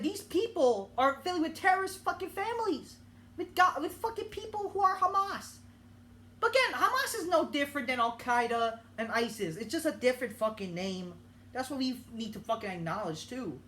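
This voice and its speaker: A young woman delivering an angry political rant as a vlogger, swearing often and breaking off into halting restarts. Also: high voice, fairly bright tone, slight background noise. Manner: heated, profane, halting with many restarts.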